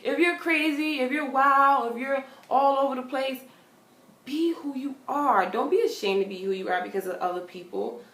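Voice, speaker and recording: A young woman vlogging casual advice to her viewers, earnest and big-sisterly, getting animated when she tells stories. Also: high-pitched, normal speed. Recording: echoey room.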